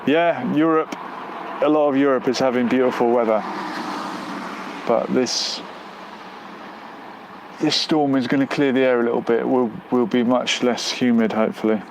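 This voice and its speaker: A man's voice: mid-range voice, fairly even intonation, moderate pace, long pauses, background noise. A man hosting a casual live stream outdoors near a road, reading out viewer comments and musing aloud with lots of fillers. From United Kingdom.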